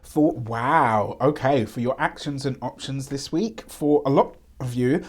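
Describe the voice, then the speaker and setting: Man, mid-pitched voice, tarot host who chats loosely with lots of asides. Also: a little slow. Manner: warm, rambling, fond of fillers and asides. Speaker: tarot reader. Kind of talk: chatty tarot reading to camera.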